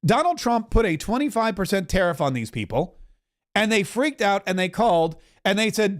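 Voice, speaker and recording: High-voiced talk host, animated commentary. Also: male voice. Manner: animated, mocking, does quick voices for others. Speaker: political talk show host. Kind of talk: opinionated commentary.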